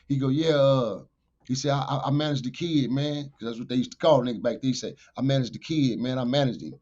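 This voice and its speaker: A man, a podcast guest, telling a street story in animated fashion. He swears freely and gets loud whenever he quotes himself. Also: mid-range voice, fast, lo-fi sound. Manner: profane, loud bursts when quoting himself.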